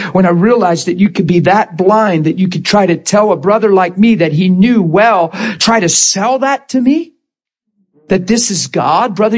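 A man with a notably high voice preaches with dramatic intensity. He retells a story in vivid bursts, leaning hard on key words. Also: husky. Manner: emphatic, dramatic retelling with sudden loud bursts. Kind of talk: sermon storytelling.

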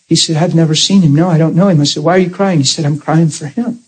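A husky-voiced man preaches to a congregation, his voice sitting a little high. He tells his story with animated energy and breaks into loud laughing outbursts. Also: fast talker. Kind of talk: sermon with storytelling.

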